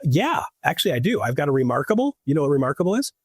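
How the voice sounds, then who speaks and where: A man chatting as a podcast guest, rambling and restarting his sentences as he goes. His voice sits a little high and sounds husky. The sound is dry, with no room echo. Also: very animated, racing. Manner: loose, rambling talk full of restarts and "like". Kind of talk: casual podcast chat.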